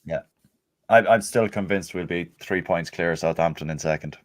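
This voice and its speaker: A man's voice: sits low, normal speed, no room sound. A man co-hosting a casual football podcast, chatting and reading out listener messages. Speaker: podcast co-host.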